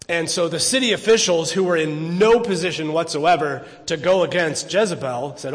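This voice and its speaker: Chatty high-voiced preacher in church. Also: male voice, normal speed. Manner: conversational storytelling, frequent restarts. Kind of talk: casual sermon. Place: church sanctuary. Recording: long church reverb.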